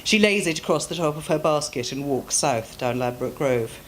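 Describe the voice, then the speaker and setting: A woman author reads her own story aloud at a live event, measured and expressive. Her voice sits low, with a faint hiss of noise behind it.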